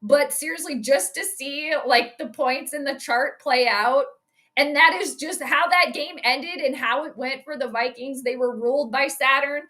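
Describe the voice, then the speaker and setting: A woman talks her way through a game live on a stream, chatty and quick to react out loud. Her voice sits high and sounds bright and forceful. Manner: excitable, chatty, reacts loudly to plays. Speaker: astrologer and sports streamer.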